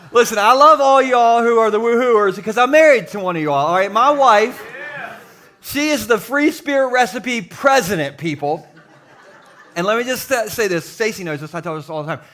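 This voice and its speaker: Middle-aged male pastor, high and bright voice, jokes with the congregation in a church hall. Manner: jokey, animated, talks to the congregation. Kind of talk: sermon. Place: church sanctuary with live audience.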